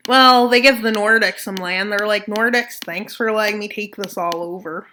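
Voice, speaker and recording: Bright-voiced woman joking over a map. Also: medium pitch, normal speed, few pauses. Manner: joking asides, playful mock voices. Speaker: map video narrator. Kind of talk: casual commentary over a map scenario.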